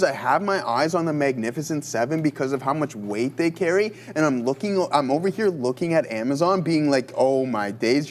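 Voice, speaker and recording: A man hosting a live trading stream, thinking aloud and joking as he calls his trades. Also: on the high side. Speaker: livestream trading host.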